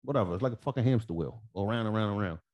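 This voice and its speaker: A man's voice: on the low side, racing. A man telling a work story on a podcast, swearing freely and acting out the dialogue. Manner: profane, animated, acts out dialogue. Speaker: podcast co-host. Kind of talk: casual storytelling chat.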